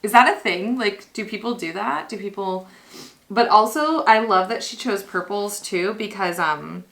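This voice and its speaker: Bright-voiced, gushing woman vlogger. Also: medium pitch. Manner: gushing, excitable, chatty with many fillers. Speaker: costuming vlogger. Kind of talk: casual unboxing vlog.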